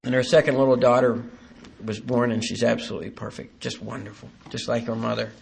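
A man with a gravelly, fry-edged voice speaks at a recovery meeting. He tells his story haltingly and earnestly, with a dry, self-deprecating humor. His pitch sits in an ordinary middle range. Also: level tone, a little hiss or hum. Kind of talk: personal testimony talk.

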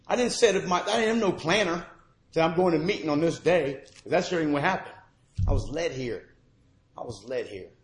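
Earnest man giving testimony in an echoey room. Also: mid-range voice. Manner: earnest, swings from hushed to shouting. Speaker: recovery meeting speaker. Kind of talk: personal recovery testimony. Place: church meeting room.

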